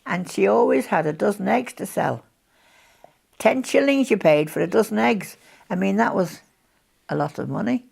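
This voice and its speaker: A woman's voice: lowish voice, vocal fry, husky. A woman, chatting as she recalls wartime memories in an interview and laughing often. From Birkenhead, England. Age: 80s.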